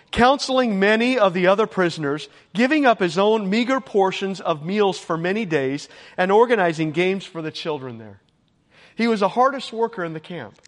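A man's voice: sits high, expressive, moderate pace. A man preaching a sermon, earnest and exhorting, at times emotional. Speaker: pastor. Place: church sanctuary. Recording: long hall reverb.

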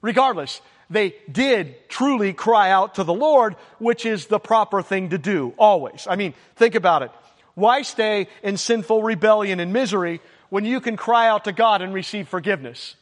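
A man's voice: high-pitched, lively intonation, normal speed. A man preaching a sermon, emphatic and repeating his exhortations. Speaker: pastor. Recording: long hall reverb.

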